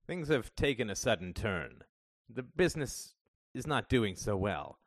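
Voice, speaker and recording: Man voicing a middle-aged dad, anxious talker, swears casually, low-set voice. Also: very animated, measured pace, dry recording, studio quality, heavily acted. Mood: rambling. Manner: rambling, wheedling, swearing. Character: middle-aged father, rambling, anxious, blustery.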